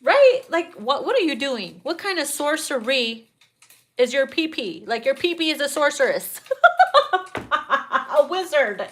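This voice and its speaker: Chatty woman tarot host, animated and crude, her pitch leaping around as she laughs through the reading. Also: normal speed. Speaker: tarot reader. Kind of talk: casual tarot reading chat.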